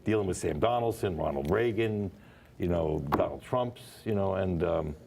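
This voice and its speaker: A man's voice: low-pitched, expressive, moderate pace, gravelly, background noise. A man chatting casually as a guest, telling rambling anecdotes and laughing often. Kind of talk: casual chat.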